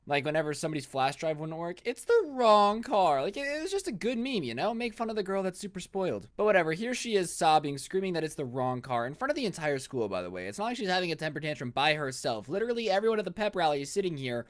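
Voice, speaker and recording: A young man in his twenties tells a story with dry sarcasm and exasperation. His voice sits a little high for a man. He talks casually, as in a storytime vlog.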